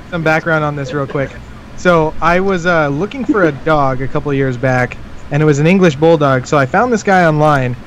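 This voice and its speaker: A man's voice: on the high side, a little hiss or hum. A man hosting a casual chat and leading into the next segment. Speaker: podcast host.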